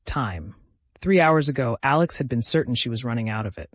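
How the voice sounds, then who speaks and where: A man reading a thriller romance story aloud in a measured, dramatic way. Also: medium pitch, expressive, no echo. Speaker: narrator. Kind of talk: scripted narration of a thriller romance.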